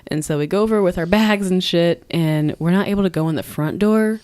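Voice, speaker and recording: A woman's voice: fairly low pitch, a little fast, darkish tone, no echo. A young woman co-hosting a podcast, telling a story in a rambling, giggly way, full of "like" and restarts. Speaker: podcast co-host. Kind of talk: casual storytelling chat.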